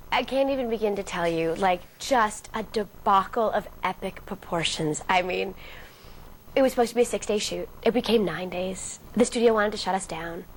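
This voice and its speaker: A woman recounting her own story in a relaxed interview. She moves along briskly and puts on the lines of the people in her story. A soft hum of ambience sits underneath. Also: mid-range voice, rough recording. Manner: acts out quoted dialogue vividly. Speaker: actress interviewee.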